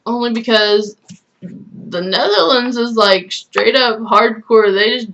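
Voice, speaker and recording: A woman's voice: fairly high pitch, slow pace, a bit bright, highs cut off. A woman hosting a casual couple chat, laughing often between her lines. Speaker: channel host.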